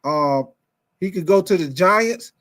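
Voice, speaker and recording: A man's voice: high-pitched, slow pace. A man hosting a casual sports talk show, talking energetically and calling out to his viewers. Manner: energetic, repetitive, calls out to viewers with 'y'all' and 'man'.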